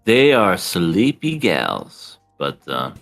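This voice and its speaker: A man's voice: sits low, very animated, takes it slowly, vocal fry, fairly bright tone, faint music behind. A man co-hosting a podcast in casual chat, laughing often and acting out scenes. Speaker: podcast co-host.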